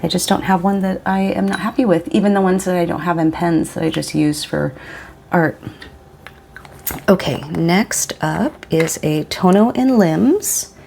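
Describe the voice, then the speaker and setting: A woman in her forties talks through her new inks in a relaxed, rambling way and sometimes cuts herself off mid-thought. Her voice sits a little low and has a gravelly edge, and she never rushes. A faint hiss runs under the recording. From Pacific Northwest of the US. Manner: chatty, rambling, self-interrupting. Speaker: vlogger. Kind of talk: casual chat while swatching inks.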